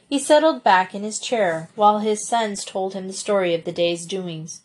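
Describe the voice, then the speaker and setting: A woman reading a children's book aloud in steady storybook narration. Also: mid-range voice, normal speed, hardly any pauses.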